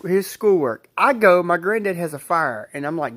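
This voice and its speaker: A man's voice: high voice, lively intonation, normal speed, fairly bright tone. A man casually telling a personal story, rambling, repeating himself and swearing freely.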